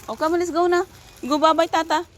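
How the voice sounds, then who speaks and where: This young Filipino mother speaks fast in a very high voice with fairly even intonation. She's vlogging with her children while waiting outside near a clinic, chatting in a mix of Tagalog and English and alternately coaxing and scolding her toddler. Traffic noise from passing vehicles runs behind her.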